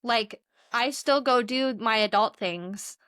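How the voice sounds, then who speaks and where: A woman's voice: fairly high pitch, slow, a bit bright, clear, resonant tone, no room sound, clean studio sound. A young adult woman co-hosting a podcast, talking in a rambling, earnest, chatty way. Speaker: podcast co-host. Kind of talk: casual chat.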